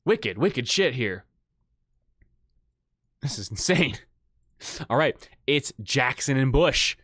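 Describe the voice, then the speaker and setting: Excitable streamer man, dry close mic. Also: mid-range voice, takes it slowly, dry recording. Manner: excitable, laughing and tripping over words. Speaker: livestream host. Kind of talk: reading an AI story aloud with commentary.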